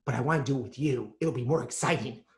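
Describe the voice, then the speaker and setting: A man voicing a sly six-year-old boy whispering a secret plan in a hushed, conspiratorial way. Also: mid-range voice, fast talker, roomy sound, natural voice.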